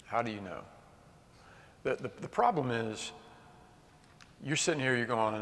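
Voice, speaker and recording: A man's voice: medium pitch, animated, unhurried, pauses often, a little hiss or hum. Passionate preacher man in an echoey hall. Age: adult. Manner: passionate, shifting from loud to hushed. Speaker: pastor. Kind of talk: sermon. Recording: long hall reverb.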